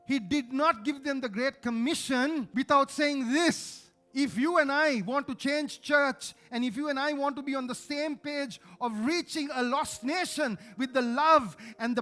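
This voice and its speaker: A man with a Sri Lankan accent preaching a sermon as pastor, passionate, swinging between loud emphasis and hushed asides. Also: very high-pitched, moderate pace, hardly any pauses, faint music behind.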